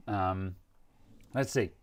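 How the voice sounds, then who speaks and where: A man's voice: fairly low pitch, big pitch swings, very slow, creaky, breathy edge. A British man hosting a live stream, chatting casually in a rambling, self-mocking way. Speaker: streamer host.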